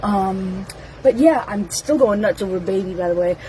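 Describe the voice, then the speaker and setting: A young adult woman talking casually as a fan vlogger, rambling and excitable, with lots of fillers and giggles. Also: medium pitch, moderate pace, noisy background. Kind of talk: casual rambling first-impressions talk.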